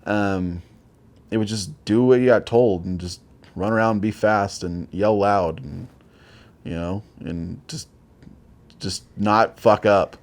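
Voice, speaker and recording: Speaking slowly in a fairly low voice, a military veteran in his forties recounts his war stories as an interview guest. His delivery is casual and rambling, full of profanity and filler words.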